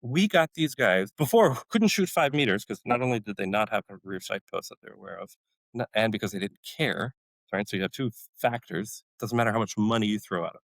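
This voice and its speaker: A man's voice: fairly low pitch, a little fast, vocal fry, no echo, poor audio. A middle-aged man, a former special forces medic, telling a story in a podcast interview and acting out what people said. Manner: animated storyteller, acts out quoted dialogue.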